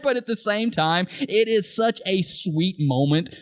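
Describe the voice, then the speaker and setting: Guy cohosting a podcast, voice a bit high, keeps cracking up and doing the lines from scenes. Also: expressive, measured pace, dry recording. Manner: laughs often while retelling scenes; acts out quoted lines in raised voices. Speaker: podcast co-host. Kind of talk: casual podcast chat about a TV show.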